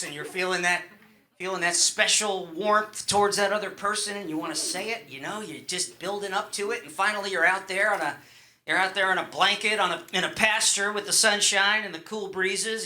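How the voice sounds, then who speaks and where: Middle-aged stand-up comic, rambling loosely with fillers, on a handheld stage mic, faint noise behind. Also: male voice, sits high, bright, forceful tone. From Long Island, New York. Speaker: stand-up comedian. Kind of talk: stand-up comedy set. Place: comedy club stage.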